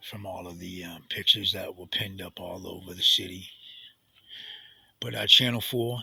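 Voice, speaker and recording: A middle-aged man tells his own story in a confessional way. His voice is tense and bright-edged, with a raspy grain and a low, gravelly texture. He speaks haltingly, with many restarts and fillers, and sometimes drops to a hushed near-whisper. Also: steady tone, dry recording, poor audio. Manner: sinks to a hushed near-whisper at heavy moments.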